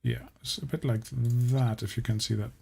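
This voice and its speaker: A man running a tabletop game as game master, explaining scenes in a measured way with frequent restarts. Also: medium pitch, flat delivery, gravelly, warm tone, slightly rough. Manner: measured, explaining, often restarting his sentences.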